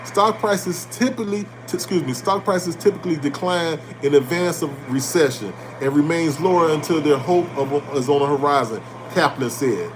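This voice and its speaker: A man hosting an animated motivational talk on finance, blunt and preachy, repeating his points and swearing casually. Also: a little high, normal speed, hardly any pauses, background noise. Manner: preachy and emphatic, repeating lines for effect. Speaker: host.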